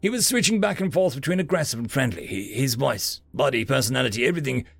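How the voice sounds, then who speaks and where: A man voicing a young male familiar who talks in an earnest, halting, hesitant way. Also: medium pitch, expressive, creaky, slightly rough, dry recording.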